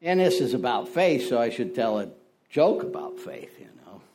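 A man's voice: mid-range voice, big pitch swings, normal speed, noisy background. An older man telling his recovery story at a meeting, folksy and self-deprecating, with lots of "you know". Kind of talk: personal testimony talk. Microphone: ear-worn headset mic.

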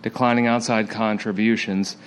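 A man serving as meeting secretary, reading announcements in a brisk, matter-of-fact way. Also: fairly low pitch, flat delivery, slight background noise.

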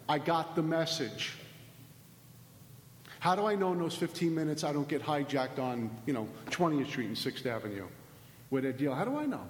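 A middle-aged man giving an impassioned recovery talk, emphatic and preachy, driving points home with repeated phrases and rhetorical questions. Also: fairly high pitch. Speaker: speaker at a recovery meeting. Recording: echoey hall with long reverb.

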